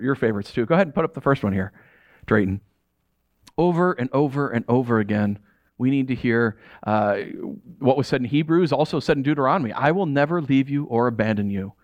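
A man's voice: mid-range voice, no room sound. A middle-aged man preaching a conversational sermon as a pastor. He repeats phrases for emphasis and acts out quoted voices.

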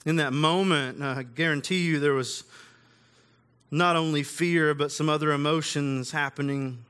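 Bright-voiced man preaching casually. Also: fairly high pitch, fairly even intonation, a little slow, smooth. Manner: casual conversational preaching with slang. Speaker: pastor. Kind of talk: sermon.

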